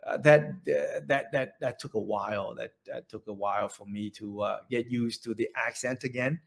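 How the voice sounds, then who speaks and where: A man in his forties from central Vietnam with a Vietnamese accent, telling his story in an oral history interview, halting and restarting often. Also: on the low side, steady tone, gravelly. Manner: halting, many restarts and repeated words.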